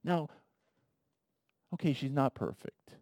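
Animated preacher man, lively pitch. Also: normal speed, no echo, clean studio sound. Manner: animated, swings between soft asides and loud emphasis; conversational, addresses men in the congregation directly. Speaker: pastor. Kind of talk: sermon.

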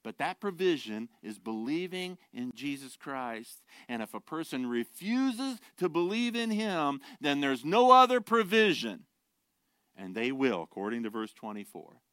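A pastor preaching a sermon, earnest and direct, shifting from quiet, low asides to loud, emphatic declarations and rhetorical questions. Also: male voice, sing-song, a little slow, dry recording, studio quality. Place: church.

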